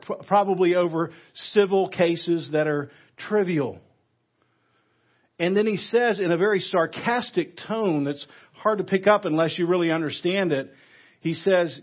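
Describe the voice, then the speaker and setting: A man preaching a sermon in a church, his voice high and slightly husky. He talks in an animated way and now and then breaks into loud, outraged bursts as he acts out a quote. The recording sounds muffled. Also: measured pace. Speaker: pastor. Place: church sanctuary.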